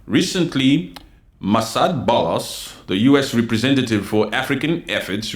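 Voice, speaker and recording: Heated, forceful man on a livestream. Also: mid-range voice. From DR Congo. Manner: forceful, repetitive, addresses chat viewers directly. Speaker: livestream host.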